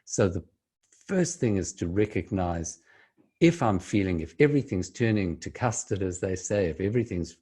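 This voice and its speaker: A man explaining breathing in a slow, measured way, sometimes dropping to a soft, low voice. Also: breathy edge. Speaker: speaker giving breathing advice. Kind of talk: calm explanatory talk to camera.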